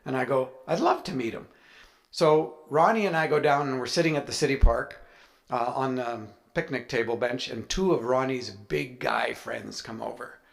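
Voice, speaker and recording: A man's voice: medium pitch, moderate pace, vocal fry. A man, an author, telling a chatty, anecdotal story with playful humor to a live audience. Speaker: author speaking at a writers' event.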